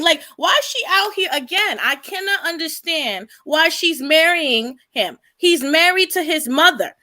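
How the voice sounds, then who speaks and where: A woman's voice: very high voice, lively intonation, a little slow, few pauses, sharp tone, no echo. A woman on a chat panel, brash, slangy and outspoken. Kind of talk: casual panel chat about a reality show.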